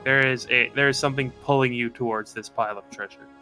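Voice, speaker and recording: A man narrating as game master, halting and rambling with many fillers. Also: medium pitch, steady tone, bright, forceful tone, soft background music. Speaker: dungeon master.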